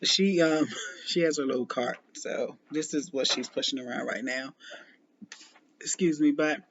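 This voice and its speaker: A woman's voice: sits low, unhurried, slight background noise. A woman in her forties, a former preschool teacher, chatting casually to camera with a loose, laughing manner and many ums and restarts. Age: 40s. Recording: muffled lo-fi audio.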